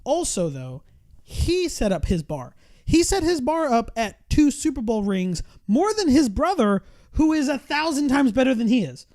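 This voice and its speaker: A man's voice: very high voice, big pitch swings, moderate pace, a little mellow. A man who is a guest on a casual podcast, giving blunt, profane opinions. He jokes as he talks. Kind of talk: casual sports chat.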